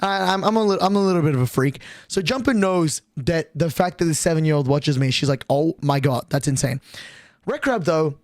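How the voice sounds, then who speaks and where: A young man with a high, bright voice tells a story on his stream, swearing freely and slipping into little voices for the people in it. He talks close to the mic, and the sound is dry and tight with no room around it. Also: brisk, hardly any pauses, no room sound. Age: young adult. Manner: excitable, profane storytelling with voiced quotes.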